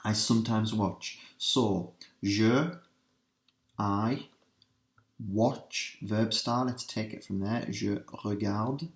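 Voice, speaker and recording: Man teaching in an echoey room. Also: fairly low pitch. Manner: talks students through translations step by step, asking quick questions. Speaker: language teacher. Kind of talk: revision lesson walkthrough. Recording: roomy echo.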